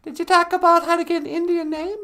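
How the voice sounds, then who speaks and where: A man's voice: extremely high pitch, little pitch movement, fast, sharp tone, pitched above the performer's own voice, heavily acted. A man voicing a bubbly, sing-song wife in a puppet comedy show. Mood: chirpy. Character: chirpy high-voiced wife at home.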